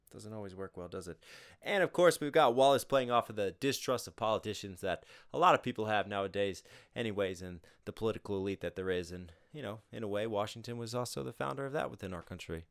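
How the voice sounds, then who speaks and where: Blunt, swearing American rapper reacting. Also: male voice, fairly low pitch, quick pace, creaky. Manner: animated, blunt, swears freely. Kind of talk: casual commentary.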